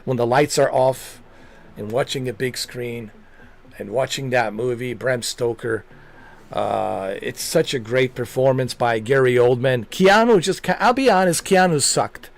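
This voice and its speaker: Male game streamer, slow loose rambling banter, middle pitch. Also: creaky. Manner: rambling, joking, laughs often. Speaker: gaming streamer. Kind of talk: casual chat while streaming a game.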